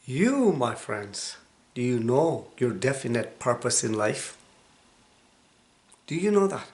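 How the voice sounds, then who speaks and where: Hoarse, slow-talking man in his sixties. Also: medium pitch, very animated. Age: 60s. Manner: emphatic preaching, dropping to a hushed whisper for stress. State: hoarse from a cold. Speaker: motivational vlogger. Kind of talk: motivational self-help talk.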